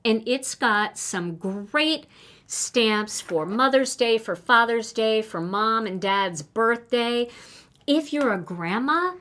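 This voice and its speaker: A woman's voice: a little high, animated, slow, a bit bright. An older woman hosting a livestream product showcase, talking enthusiastically and reading card greetings aloud in a chatty way. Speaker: host presenting new craft products.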